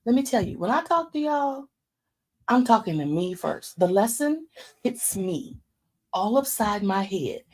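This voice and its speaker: A woman in her fifties hosting a faith talk show, preaching in a casual, folksy way and dropping into hushed asides. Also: medium pitch, sing-song, a little slow. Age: 50s.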